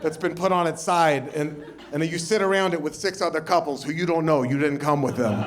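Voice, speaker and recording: A man's voice: high voice, heavy background noise. A man in his forties from Portland, Oregon, performing a stand-up comedy set, telling stories with silly put-on voices. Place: comedy club stage. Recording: live show with crowd laughter. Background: audience laughing.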